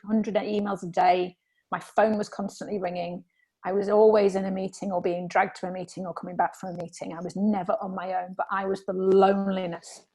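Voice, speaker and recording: A woman speaking candidly as a guest in a reflective conversation, sometimes animated when reenacting her past self. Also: lowish voice, breathy edge, poor audio.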